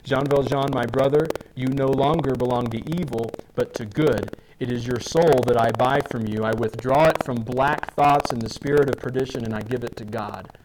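A man reading aloud the lines of a gentle, solemn old bishop from a novel. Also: mid-range voice, fairly even intonation, moderate pace, hardly any pauses, background noise, natural voice.

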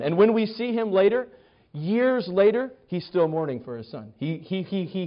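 A man teaching a Bible lesson in a casual, animated way, often stumbling and repeating words. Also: fairly high pitch. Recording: dull lo-fi recording.

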